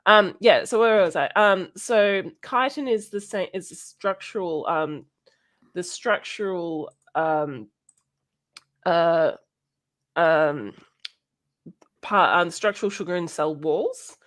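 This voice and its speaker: A woman hosting a casual educational chat, halting often with ums and restarts and laughing now and then. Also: fairly low pitch, a bit bright. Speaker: podcast host.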